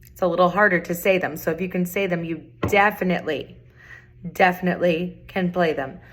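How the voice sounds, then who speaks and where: A middle-aged woman with a slightly low voice teaches a recorder tutorial. She explains patiently, says the important points twice and counts and chants the rhythms aloud. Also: steady tone, a little fast, a bit bright, slight background noise. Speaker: music teacher.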